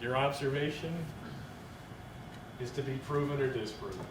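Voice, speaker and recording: A man's voice: mid-range voice, moderate pace. Distant, echoey male moderator. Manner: questioning, conversational. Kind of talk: panel discussion. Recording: echoey hall, far mic, loud noise.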